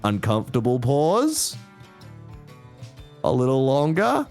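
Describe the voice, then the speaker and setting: A man's voice: mid-range voice, wildly swooping pitch, slow, darkish tone, faint music behind. A man chatting casually as an interview guest, rambling with restarts, asides and swearing. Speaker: interview guest, YouTuber and voice actor. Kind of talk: casual chat.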